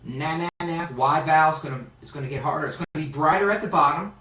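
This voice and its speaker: Animated male vocal coach in a roomy studio. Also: on the high side, quick pace. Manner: animated, demonstrates exercises by singing. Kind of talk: singing lesson. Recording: roomy, mic at a distance, piano playing.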